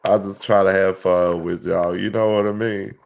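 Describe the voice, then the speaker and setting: Guy chatting on his livestream, rambling and laughing, kinda low voice, over the top. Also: level tone, normal speed, gravelly, a little mellow, slight background noise. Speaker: livestream host. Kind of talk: casual livestream chat.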